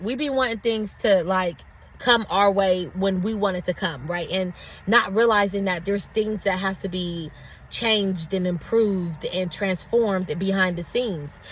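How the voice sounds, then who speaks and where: A woman speaks in a relaxed, conversational faith talk, full of "like" and "right?". Her pitch sits in the middle of the range. She builds to repeated preaching lines as she encourages listeners. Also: a little hiss or hum. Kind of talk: casual motivational faith talk.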